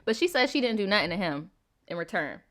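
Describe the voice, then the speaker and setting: A woman's voice: mid-range voice, very animated, fast, fairly bright tone. A young woman hosting a storytime channel. She reads a viewer's letter aloud, breaks off often with blunt, profane comments, and laughs a lot.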